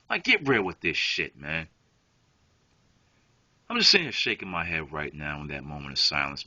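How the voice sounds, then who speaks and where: Profane ranting young man, lively pitch. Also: fairly quick, long pauses, dry recording. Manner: profane, confrontational. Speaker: online gamer. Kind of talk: angry rant to camera. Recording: dull lo-fi home recording.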